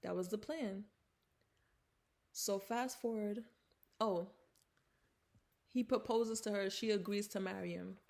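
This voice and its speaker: A woman's voice: mid-range voice, fairly even intonation, takes it slowly, creaky, pauses often, a little mellow. A woman retelling a film's plot in a casual vlog, chatty, with fillers and restarts, acting out the characters' lines. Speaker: film reviewer. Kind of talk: casual film recap vlog.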